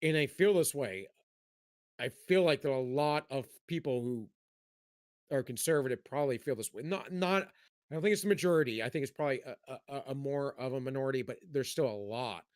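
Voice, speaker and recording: A man's voice: medium pitch, fairly quick. A man co-hosting a casual podcast chat, talking in a rambling way with many restarts. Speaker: podcast co-host.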